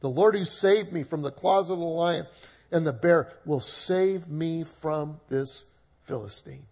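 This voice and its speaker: A man's voice: on the high side, measured pace, a little mellow. A man voicing a bold young shepherd boy, retelling the lines in a brash, confident way.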